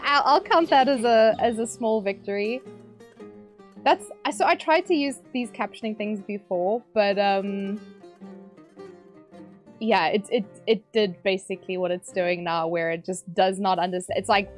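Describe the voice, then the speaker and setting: A woman's voice: mid-range voice, measured pace, soft background music. A South African woman with a South African accent, livestreaming and chatting casually with her viewers, bubbly and giggly and greeting each chatter by name. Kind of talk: casual chat with stream viewers.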